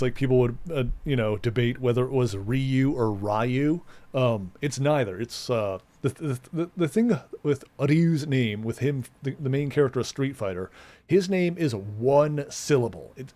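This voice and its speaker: A man streaming a video game, chatting casually and explaining things at length with lots of fillers and restarts. He sounds relaxed and conversational, talking as he plays. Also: medium pitch. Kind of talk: casual let's-play commentary.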